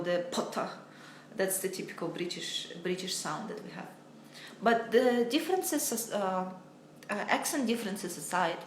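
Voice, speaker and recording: A woman's voice: mid-range voice, a little hiss or hum. Hesitant woman teacher, roomy echo. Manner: hesitant, many filler sounds, reads viewer comments aloud. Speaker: English teacher. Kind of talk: live online Q&A lesson.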